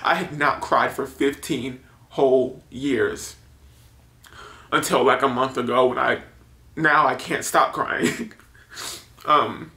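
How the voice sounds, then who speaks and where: A man's voice: medium pitch, steady tone, slow, long pauses, pushed and bright. A man in his twenties telling a personal story in a casual confessional vlog, rambling with many filler words and nervous laughs. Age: 20s. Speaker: YouTuber. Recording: roomy echo.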